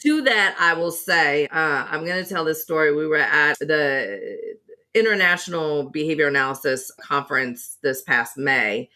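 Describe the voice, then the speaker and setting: A woman's voice: sits low, animated, unhurried, bright, forceful tone. A woman co-hosting a podcast conversation, talking emphatically and telling stories with animation. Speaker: podcast co-host. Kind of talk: casual conversation.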